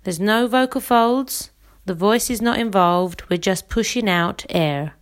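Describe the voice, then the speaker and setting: A woman singing teacher leading a guided breathing exercise, giving calm step-by-step instructions and demonstrating each sound. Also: mid-range voice, a little slow.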